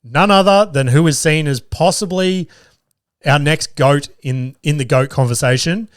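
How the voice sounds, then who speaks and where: A man hosting a podcast, retelling stories in a fast, profane, excitable way. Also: fairly high pitch, no room sound, studio quality. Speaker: podcast host. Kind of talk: casual chat.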